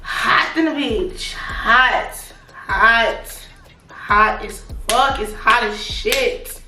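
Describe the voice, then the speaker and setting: A young woman telling a frank, profane personal story straight to her viewers, animated, laughing and sometimes dropping to a near-whisper. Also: fairly high pitch, very slow, reverberant, soft background music. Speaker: vlogger. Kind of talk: casual storytime.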